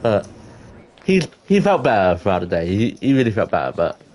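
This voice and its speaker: A teenage boy telling a school story to camera in an excitable, rambling way, full of restarts and exclamations. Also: fairly low pitch, fairly quick, a little hiss or hum. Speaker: vlogger.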